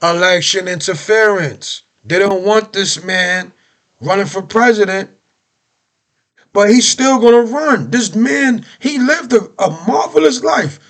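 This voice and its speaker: High-voiced man ranting in a reaction video. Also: unhurried. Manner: animated, ranting, repeats himself, rhetorical questions. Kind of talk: heated political reaction commentary.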